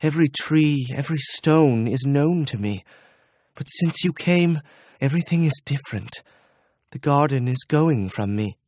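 A man voicing a timid, wistful young princess in an audiobook, speaking in a soft, husky half-whisper. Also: mid-range voice, very animated, moderate pace, dry recording, studio quality, voice pushed up.

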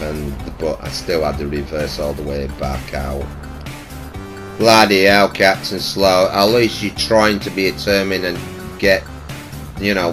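Man, gaming host, casual teasing commentary, headset mic, faint music bed. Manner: teasing, swearing, mumbled low asides. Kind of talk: casual game commentary over party chat.

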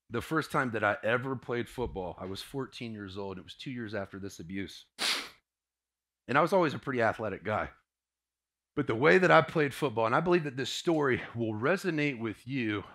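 A man in his forties from Indiana telling a personal testimony to a live audience, swinging from hushed to booming as he tells it. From Indiana, USA. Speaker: motivational speaker.

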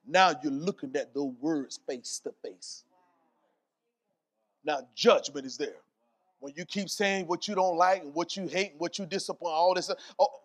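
High-voiced preaching pastor, emphatic. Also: male voice, moderate pace. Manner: preaching with rising, emphatic repetition and scripture quotes. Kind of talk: sermon. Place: church.

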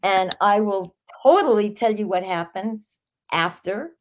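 A woman's voice: mid-range voice, lively intonation, measured pace. A woman in her eighties, originally from the Bronx, chatting as an upbeat author guest who laughs often. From the Bronx, New York. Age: 80s. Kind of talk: casual interview chat.

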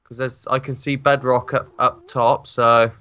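A man's voice: mid-range voice, little pitch movement, unhurried, bright, forceful tone, smooth. A man joking and swearing while playing a game with a friend. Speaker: gamer co-host. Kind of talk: casual gaming chat.

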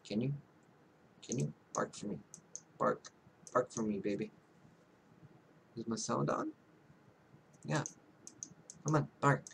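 Soft-spoken man rambling over game audio. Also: medium pitch, takes it slowly, creaky, pauses often, noisy background. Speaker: gaming YouTuber. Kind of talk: casual let's-play commentary.

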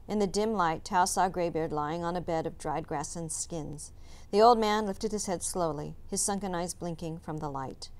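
Calm woman reading a chapter book. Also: fairly low pitch, normal speed. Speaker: teacher reading aloud. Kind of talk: storybook read-aloud narration.

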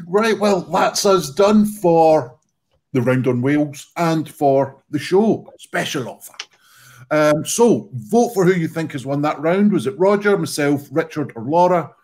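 Husky-voiced man hosting a comedy show. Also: a little high, expressive, measured pace, darkish tone. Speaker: host.

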